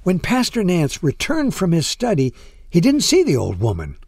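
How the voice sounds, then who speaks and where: A man tells a sentimental story slowly and expressively, with dramatic pauses. His voice is breathy and a little high for a man. The sound is dry and close. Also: wildly swooping pitch, darkish tone, no room sound. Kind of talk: storytelling narration.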